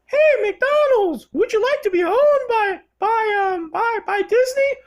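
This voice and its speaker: A vlogger voicing a fawning corporate mouse that pleads and cajoles in a very high voice to lure a company into a buyout. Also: lively intonation, measured pace, muffled recording. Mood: wheedling.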